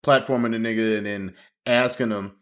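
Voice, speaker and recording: A man casually reacting to a clip as host, slangy and animated, talking while eating. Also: lowish voice, brisk.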